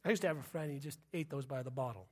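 A man's voice: medium pitch, racing, husky. A man preaching a sermon as pastor, joking with the congregation and repeating punchlines. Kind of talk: sermon with humor.

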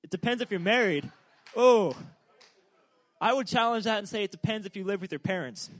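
Young man preaching, slightly high voice, joking and rambling, dry close sound. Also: a bit bright, dry recording. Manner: joking, rambling, self-deprecating. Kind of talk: humorous casual sermon.

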